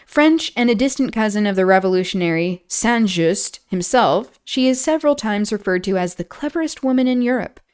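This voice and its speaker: Smooth-voiced streamer reading aloud. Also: female voice, medium pitch, lively intonation, normal speed. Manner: stumbles and restarts on words, laughs at own slips; breaks off into chatty commentary. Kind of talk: reading aloud with casual asides. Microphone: streaming setup.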